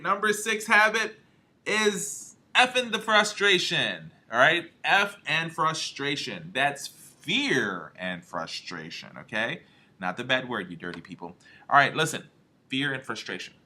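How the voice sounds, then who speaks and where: A man's voice: sits low, bright, forceful tone. A man leading a motivational marketing training talk in an emphatic way, often checking in with "all right?" and "okay?". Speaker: home health marketing trainer.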